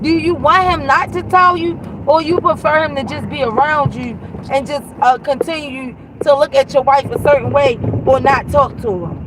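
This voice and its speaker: Blunt high-voiced woman ranting in a car. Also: moderate pace, background noise. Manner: blunt, profane, emphatic, talks straight to viewers. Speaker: vlogger telling a story. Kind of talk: casual storytime rant.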